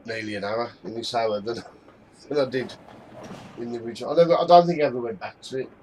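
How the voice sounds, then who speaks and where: A man's voice: medium pitch, fast, darkish tone, poor audio. A man streaming a VR game, muttering to himself and chatting to his viewers. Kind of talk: live-streamed VR gameplay commentary. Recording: noticeable background noise.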